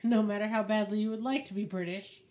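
A woman's voice: medium pitch, steady tone, quick pace, darkish tone. A woman co-hosting a podcast in casual chat, teasing and playful, jumping between topics. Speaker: podcast co-host.

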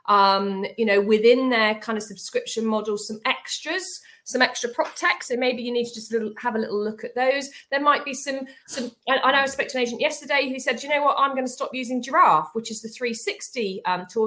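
A woman co-hosting a casual property-industry chat, talking freely with lots of fillers and quick laughs. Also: a little high, expressive, fairly bright tone. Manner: chatty, laughs easily, many fillers. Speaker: estate agency co-host.

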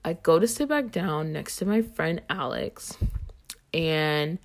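A woman's voice: deep voice, lively intonation, takes it slowly. A young adult woman hosting a podcast, telling a story in a casual, chatty way with lots of "like" and "um". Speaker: podcast host.

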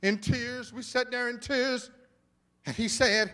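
Pastor, male, high voice, lively sermon delivery with stacked repetitions and folksy asides, live in church. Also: takes it slowly, clean tone. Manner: animated preaching with repeated words and exclamations; informal, conversational asides to the congregation. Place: church sanctuary.

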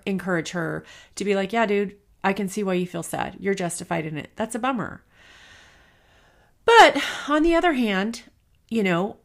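A woman in her forties hosting her own podcast, talking candidly and emotionally while trying not to cry. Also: medium pitch. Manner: candid, emotional, thinking aloud. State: near tears. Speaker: podcast host. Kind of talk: personal solo podcast talk.

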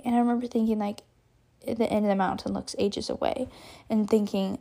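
A young woman from Texas telling a personal story on her podcast in a chatty, animated way, full of fillers and little laughs. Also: mid-range voice, brisk, gravelly. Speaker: podcast host. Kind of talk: casual storytelling.

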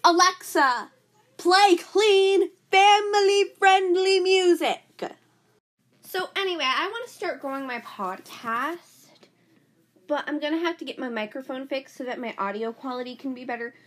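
A woman hosts her own podcast in a casual monologue, speaking in a high, pushed, bright voice at a slightly fast clip. Her chatty valley-girl style is full of "like."

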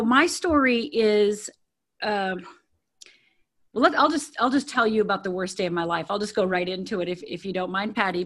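A woman's voice: a little high, a bit bright. Candid woman telling her life story. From Upper Peninsula of Michigan. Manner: earnest, candid, many fillers and repeats. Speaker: guest. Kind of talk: personal storytelling.

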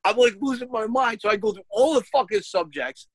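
A man's voice: high-pitched, fairly quick, breathy edge, no echo, poor audio. A man chatting casually, telling an exasperated, profane story as a parent. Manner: shouts when quoting himself. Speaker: podcast host, parent. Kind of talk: casual chat.

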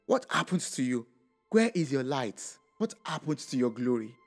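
A man voicing a calm, gentle, fatherly divine voice that speaks from above in a story. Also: mid-range voice, moderate pace, faint music behind. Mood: tender.

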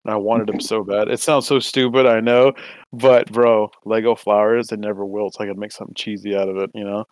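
A man's voice: fairly low pitch, level tone, a little fast, no room sound. A man co-hosting a casual podcast, rambling through crude stories with constant swearing. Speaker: podcast co-host.

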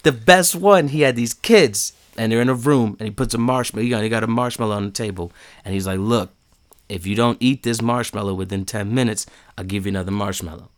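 A man co-hosting a casual chat, retelling what he watched with lively acted-out quotes and frequent laughter. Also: a little fast. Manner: animated storyteller, acts out quotes with big pitch jumps and laughs.

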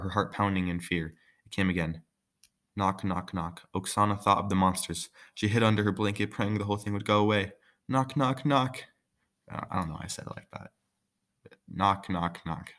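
A man's voice: low voice, fairly bright tone. A man reading a folk tale aloud, breaking off for joking, offhand asides. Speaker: story reader.

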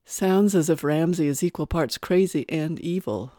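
A woman's voice: low-pitched, normal speed, warm tone, no room sound, clean studio sound, natural voice. A woman reading a novel aloud, voicing a skeptical man who asks pointed questions.

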